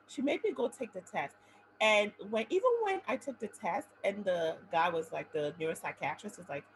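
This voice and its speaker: A woman physician giving a webinar talk, telling her own story in an animated way and often checking in with "right?". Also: mid-range voice, a little hiss or hum, rough recording.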